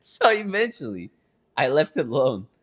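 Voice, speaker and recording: A man's voice: mid-range voice, normal speed, breathy edge. A young man co-hosting a podcast with his sister, telling a story casually and swearing a lot. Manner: profane, animated storytelling. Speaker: podcast co-host.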